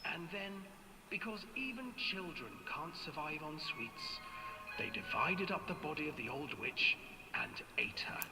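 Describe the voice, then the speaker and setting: A man narrating a dark fairy tale for a game in a theatrical voice that drops to a hush. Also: on the high side, expressive, a little slow, exaggerated voice. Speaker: storybook narrator. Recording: long reverb with music behind.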